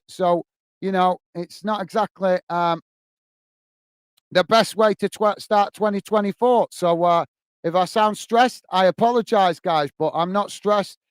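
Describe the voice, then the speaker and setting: This man's voice is high, clear and resonant, recorded with no room sound. He hosts a football live stream, reading out comments from viewers in a casual way, dropping "mate" often and filling his talk with fillers and false starts.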